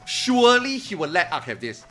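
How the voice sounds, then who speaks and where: A man streaming, telling a story to his chat in a casual, animated way, swearing and loudly acting out what others said. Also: high voice, normal speed, faint music behind. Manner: animated retelling, acts out quotes loudly, swears, laughs.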